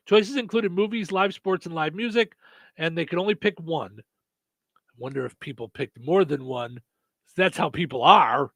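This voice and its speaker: A man's voice: fairly high pitch, expressive, normal speed, a bit bright, no echo. A man hosting a radio morning show, chatting casually with many fillers and restarts. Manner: rambling, lots of fillers and restarts.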